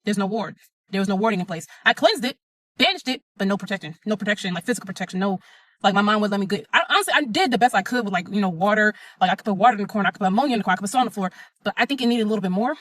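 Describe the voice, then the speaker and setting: A woman's voice: medium pitch, racing, a bit bright, no room sound. A young adult woman telling her own story in a blunt, emphatic, profane way. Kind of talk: casual first-person storytelling.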